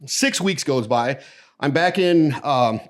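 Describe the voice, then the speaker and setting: A man's voice: medium pitch, takes it slowly. A middle-aged man from the American Midwest, a podcast guest telling stories in casual conversation and acting out the voices in his anecdotes. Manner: animated storyteller who acts out the voices in his anecdotes.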